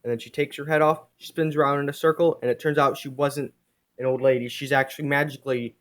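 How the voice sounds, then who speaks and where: A man casually reading aloud a comic he drew as a kid, speaking quietly and making self-mocking jokes along the way. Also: mid-range voice, steady tone, fast, a little hiss or hum. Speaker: video creator.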